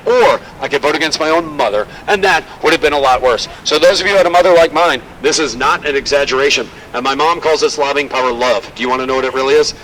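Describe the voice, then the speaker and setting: A man leading a walking tour outdoors, telling stories in a lively, joking way. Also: medium pitch. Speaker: tour guide. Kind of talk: guided walking tour talk. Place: outdoors on a city street. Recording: distant outdoor mic, faint street noise.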